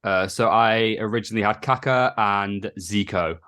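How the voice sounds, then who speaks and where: A man speaks as a guest on a casual podcast and lays out his reasoning in a candid, measured way. His voice sits a little low. His delivery stays conversational. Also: pushed and bright, smooth. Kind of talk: casual football podcast chat.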